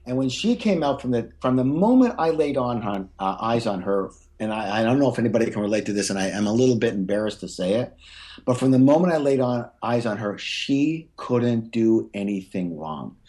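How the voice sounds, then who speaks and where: A man guest on an interview, telling a personal story, often stumbling and restarting and jumping up in pitch when he acts out what was said. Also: a little fast. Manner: animated, acts out quotes with big pitch jumps. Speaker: guest author.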